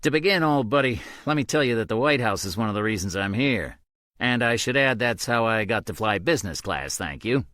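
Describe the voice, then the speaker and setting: A man's voice: lowish voice, animated, brisk, fairly bright tone, dry recording, clean studio sound. A man voicing a sarcastic middle-aged male CIA agent, breezy and joking in an audiobook. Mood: wry, teasing.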